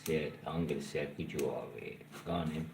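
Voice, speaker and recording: A man, hosting a livestream and chatting casually with an AI, slangy and relaxed. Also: rumbling low, quick pace. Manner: slangy and relaxed, bursts into loud cheering. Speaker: livestream host. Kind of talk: casual chat with an AI. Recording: echoey room with faint noise.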